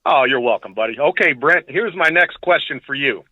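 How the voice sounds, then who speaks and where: A man's voice: medium pitch, fairly quick, no echo. A man from Michigan chatting as a guest over the phone, animating his stories. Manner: animated storyteller, acts out quotes. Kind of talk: casual chat. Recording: phone line.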